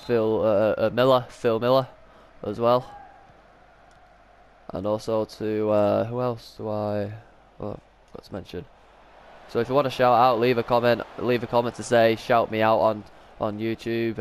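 A man's voice: fairly low pitch, a little hiss or hum. A man giving casual commentary over a football video game, with many filler sounds and sudden angry outbursts at the referee. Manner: frequent filler sounds, swears and shouts at the referee. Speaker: gaming YouTuber.

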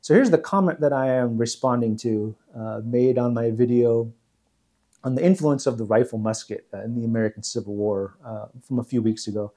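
Male history host, mellow and a bit husky, relaxed and measured. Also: mid-range voice. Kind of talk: explanatory history video talk.

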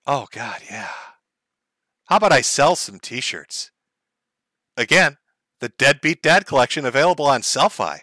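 A man's voice: mid-range voice, expressive, unhurried, long pauses, pushed and bright, dry recording. A man hosting a livestream, giving crude, sarcastic commentary and laughing often. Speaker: livestream host.

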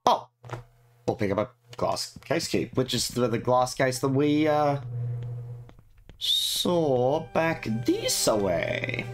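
A man's voice: mid-range voice, big pitch swings, slow pace, faint music behind. A man giving casual, joking let's-play commentary, swearing freely. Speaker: game streamer.

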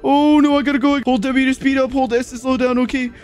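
A woman playing a video game with a friend, gasping and repeating herself in nervous excitement. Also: high voice, fast. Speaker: gaming channel host. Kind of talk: excited let's-play commentary.

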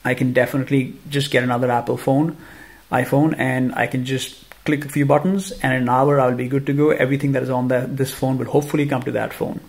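A man with an Indian accent giving a casual phone review, ranting in an animated, exasperated way. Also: medium pitch, fast, gravelly. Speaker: tech reviewer.

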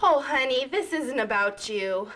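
A very high, swooping voice from a woman playing a clingy, overdramatic actress. She drawls slowly and milks every line. Everything comes out theatrical and gushing. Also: animated, a bit bright, slight background noise. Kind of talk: indie comedy drama acting.

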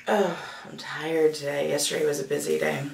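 A woman vlogger in her thirties talks in a low, gravelly voice that is husky from allergies. She sounds groggy and rambles casually with plenty of ums. She is recorded a little far from the mic in an echoey room. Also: normal speed. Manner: relaxed, rambling, many fillers. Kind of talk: casual vlog chat.

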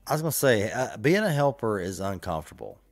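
A man's voice: on the low side, big pitch swings, fast talker. A man co-hosting a podcast, casually prompting his guest for stories and joining in with short remarks. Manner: prompting, laughing along, with short interjections. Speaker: podcast co-host. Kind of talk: casual interview chat.

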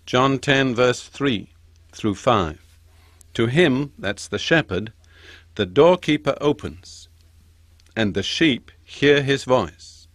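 An older man giving a Bible teaching, slowing down to stress each quoted verse. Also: mid-range voice, a bit bright, no room sound. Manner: slows down and stresses quoted scripture. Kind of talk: sermon-style Bible teaching.

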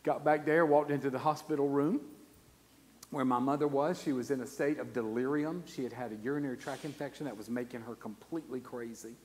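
A man, preaching a sermon and telling a personal story, his voice swinging from hushed to loud. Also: medium pitch, fairly even intonation, a little fast, a little hiss or hum. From South Carolina. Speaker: guest preacher. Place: church sanctuary. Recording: long church reverb.

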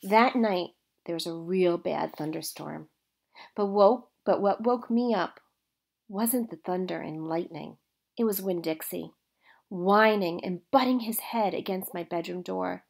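A woman teacher reading a children's novel aloud to her students with expressive storytelling. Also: fairly low pitch, measured pace, gravelly.

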